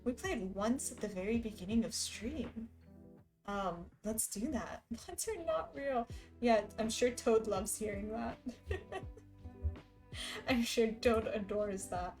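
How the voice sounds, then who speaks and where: A woman streaming live, chatting loosely and giggling between remarks as she answers her viewers. Her voice sits at an ordinary middle pitch for a woman. Soft music plays quietly behind her. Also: slow pace, pauses often. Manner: giggly, chatty, reads chat aloud. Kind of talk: casual live-stream chat.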